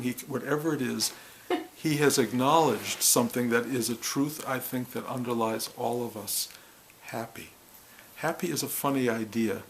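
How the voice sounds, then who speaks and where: A man speaking as a spiritual teacher to a gathering, earnest and heartfelt, in short halting phrases. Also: medium pitch, creaky, slight background noise, rough recording. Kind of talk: reflective spiritual talk to a gathering.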